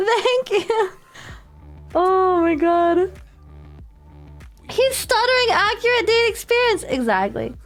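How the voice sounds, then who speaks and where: A young adult woman streamer chatting casually on a live stream, giggly and excitable. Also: very high voice, slow, pauses often, faint music behind.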